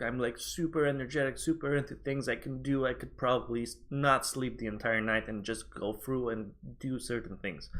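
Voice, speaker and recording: A man's voice: medium pitch, fairly bright tone. A man talking to his viewers in a loose, rambling vlog, chatty and swearing casually. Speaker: streamer and vlogger.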